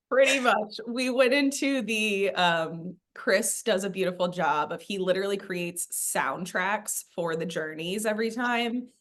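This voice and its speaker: A woman's voice: mid-range voice, slow pace, a bit bright. A woman in casual podcast chat, telling a spiritual story with a rambling manner and lots of "like" fillers.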